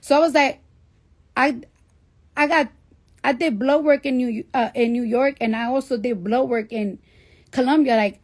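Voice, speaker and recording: A woman in her thirties with a fairly high voice, talking straight into her phone on a live stream. She tells her story in a loose, animated way, swears often and slips into the voices of the people she quotes. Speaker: livestreamer. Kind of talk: casual storytelling livestream.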